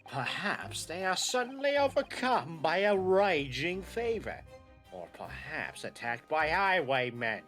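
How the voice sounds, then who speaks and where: A man voicing a stately Victorian British gentleman in a fan dub of a game, with a put-on British accent that drifts as he goes. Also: on the high side, big pitch swings, faint music behind, voice pushed up. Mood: grim. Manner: measured, formal, theatrical.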